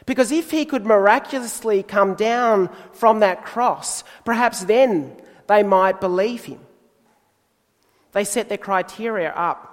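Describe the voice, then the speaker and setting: A man preaching a sermon in a measured, deliberate way, pausing for emphasis. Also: high voice, big-room sound.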